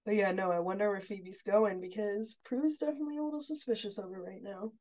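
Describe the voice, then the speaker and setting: A woman co-hosting a podcast, casually retelling TV scenes in a relaxed way. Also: medium pitch, fast talker. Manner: relaxed, laughs easily. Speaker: podcast co-host. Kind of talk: casual TV recap chat.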